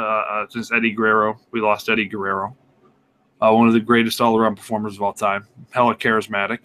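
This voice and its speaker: Sarcastic, excitable male podcast co-host. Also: mid-range voice. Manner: excited, sarcastic, swears and laughs often. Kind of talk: casual sports chat.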